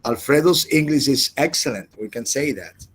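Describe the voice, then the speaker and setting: A man teaching an English class over a video call, halting and often repeating words as he explains. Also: mid-range voice, animated, breathy edge. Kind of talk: online class lecture.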